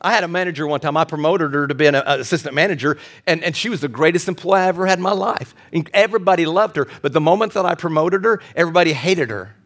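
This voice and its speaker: A man's voice: on the high side, quick pace, few pauses, a bit bright, soft background music. A pastor preaching a sermon in a church service, emphatic and repetitive, with his intensity building as he goes. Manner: emphatic preaching with repeated phrases and rising intensity.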